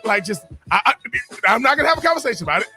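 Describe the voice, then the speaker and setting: A man's voice: very high voice, very animated, rapid-fire, sharp tone, faint music behind. A man, co-hosting a radio show, telling stories in a casual chat with frequent repeats and laughs. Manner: repeats words and restarts, laughs often.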